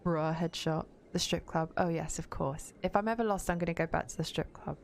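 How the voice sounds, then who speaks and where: A woman's voice: on the low side, fairly even intonation, fairly quick, gravelly, a little hiss or hum. A young woman streaming a game, chatting bluntly with viewers and swearing freely. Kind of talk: casual gaming stream chat.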